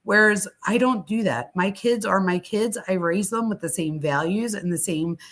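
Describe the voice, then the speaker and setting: A woman's voice: mid-range voice, moderate pace, a bit bright. A middle-aged woman hosting a live psychology talk stream, speaking candidly and chattily with casual swearing. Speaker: host.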